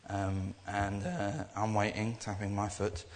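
A man's voice: on the low side, flat delivery, measured pace. A young man giving an informal sermon, talking in a rambling, earnest way with many restarts. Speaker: preacher. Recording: echoey hall.

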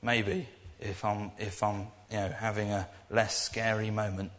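A young man preaches in a loose, earnest ramble, circling back and restarting his thoughts often. His voice sits on the low side, and it carries a long echo that hangs in the hall. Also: little pitch movement, a little slow, fairly bright tone. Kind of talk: informal sermon. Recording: echoey hall.

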